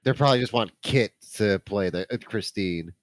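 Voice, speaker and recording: Speaking at normal speed in a lowish voice, a man co-hosting a movie podcast jokes around and riffs with deadpan gags. There's no room sound in the recording.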